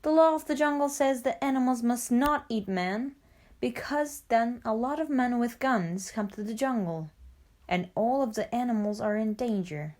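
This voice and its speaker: A woman's voice: a little high, moderate pace, darkish tone, lightly acted. Father Wolf, a woman voicing a stern wolf dad. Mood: indignant. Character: proud, protective male father wolf. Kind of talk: storybook reading.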